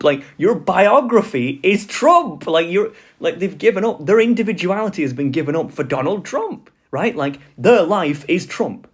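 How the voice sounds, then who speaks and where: A man's voice: a little high, animated, normal speed, breathy edge. A man giving a casual online lecture, loose and full of fillers, often laughing.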